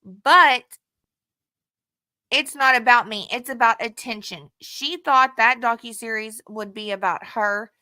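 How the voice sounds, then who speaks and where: A woman with a fairly high, bright and forceful voice vents to her viewers. She is frustrated and heated, swearing freely as she goes through old text messages one by one. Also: normal speed, few pauses. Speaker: vlogger. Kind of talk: casual talk to camera, reading out text messages.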